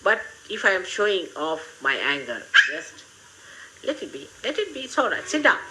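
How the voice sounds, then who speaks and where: An older woman, giving a gently humorous, motherly spiritual talk to her followers. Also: fairly low pitch, big pitch swings, moderate pace, heavy background noise. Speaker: spiritual teacher.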